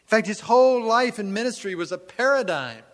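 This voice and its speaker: A man's voice: high voice, animated, a bit bright. Emphatic preaching man in reverberant hall. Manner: emphatic, measured preaching with falling phrase ends. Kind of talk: sermon with scripture reading.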